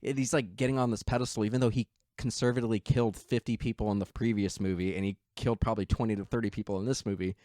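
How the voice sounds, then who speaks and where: A man co-hosting a podcast, retelling a film in animated casual chat and acting out its lines. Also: fairly low pitch, very fast, few pauses, no room sound, studio quality. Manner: animated storytelling, acts out quotes. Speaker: podcast co-host.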